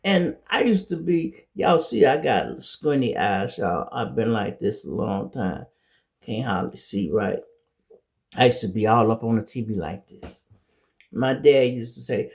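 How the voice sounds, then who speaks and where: A middle-aged show host with a Chicago accent tells casual stories in an animated monologue, acting out the voices he quotes. His voice is medium-pitched and creaky, and he speaks a little slowly.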